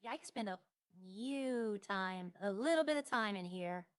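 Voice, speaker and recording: A woman's voice: mid-range voice, expressive, unhurried, no room sound, studio quality. A young woman streaming a roleplay game, chatting casually to herself as she browses and lists things she sees. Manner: muses aloud, listing items as she browses.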